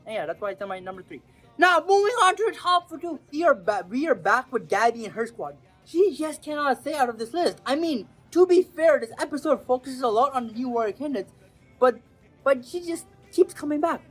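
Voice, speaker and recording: A woman talking casually and excitably in a commentary vlog, with slang and swearing, acting out quotes. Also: high voice, fairly quick, faint music behind. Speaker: anime video creator.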